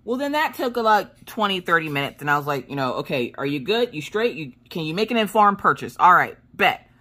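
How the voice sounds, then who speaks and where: Animated woman telling chatty stories. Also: lowish voice. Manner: animated storyteller, laughs often, acts out dialogue. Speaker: crafting vlogger. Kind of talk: casual chat.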